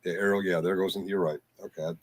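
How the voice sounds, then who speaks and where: A man's voice: sits low, fairly even intonation, quick pace. A man co-hosting a casual live-stream, rambling and teasing the others. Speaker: stream co-host.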